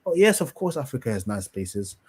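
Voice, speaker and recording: A young man, chatting in a casual debate. His voice sits at an average pitch. He tells stories in an animated, profane way and tags his points with quick asides. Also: breathy edge. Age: 20s.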